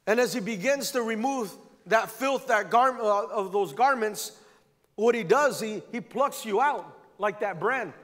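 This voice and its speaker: A man's voice: high voice, lively intonation, measured pace, fairly bright tone. A male pastor preaching a fervent sermon in a church, driving his points home by repeating phrases. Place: church sanctuary. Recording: long church hall reverb.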